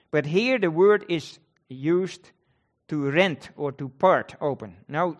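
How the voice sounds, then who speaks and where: Man preaching, emphatic, repeats key words, a touch high-pitched. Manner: emphatic, repeats key words, quotes scripture with rising intensity. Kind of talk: sermon.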